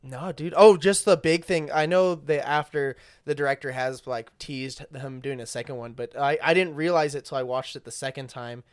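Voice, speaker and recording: A man's voice: medium pitch, steady tone, moderate pace, few pauses, smooth, no echo, studio quality. A young man co-hosting a podcast in casual chat, swearing often and filling his talk with "like" and "dude". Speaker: podcast co-host.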